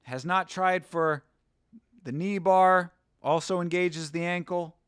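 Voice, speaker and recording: A young man from the States hosts a fight watch-along stream, reacting loosely to chat and cursing casually. His voice sits a bit high, and it is recorded close and dry. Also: fairly even intonation, slow pace, fairly bright tone, clear, resonant tone, dry recording. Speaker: livestream host.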